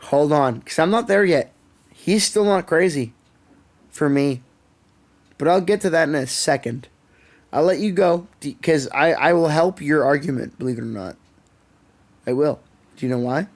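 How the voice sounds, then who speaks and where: A man's voice: on the high side, moderate pace, long pauses. A young man with a Canadian accent, ranting sarcastically and swearing often as a podcast co-host. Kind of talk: casual chat. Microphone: podcast microphone.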